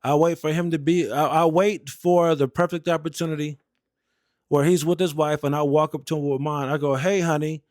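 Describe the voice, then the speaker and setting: A man's voice: on the high side, steady tone, moderate pace, a little mellow, dry recording, studio quality. A young American man and Air Force veteran telling stories in a blunt, heated, profane way. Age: young adult. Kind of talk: casual storytelling rant.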